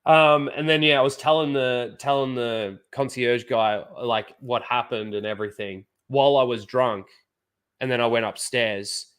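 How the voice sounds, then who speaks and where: A man's voice: mid-range voice, steady tone, moderate pace, a bit bright, clear, resonant tone. A young Australian man, the show's host, telling a rambling, profane story in casual chat, full of fillers.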